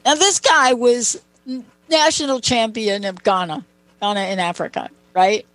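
A woman's voice: on the high side, moderate pace, fairly bright tone, no echo, poor audio. A woman hosting a talk show, telling personal stories in a chatty way and making asides to her co-host. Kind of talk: conversational storytelling.

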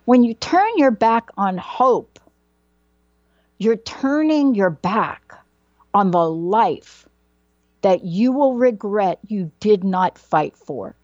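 A woman's voice: medium pitch, animated, takes it slowly, a little mellow, no room sound, dull audio. A woman voicing her older mother, who keeps urging her daughters not to turn their back on hope, repeating the warning over and over. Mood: urgent. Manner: insistent, repeating the same warning.

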